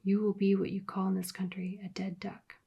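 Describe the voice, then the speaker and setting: A woman voicing a threatening male stranger of about thirty in a whispered role-play, giving low, clipped commands. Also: monotone, fairly quick, creaky, breathy edge, highs cut off. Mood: menacing.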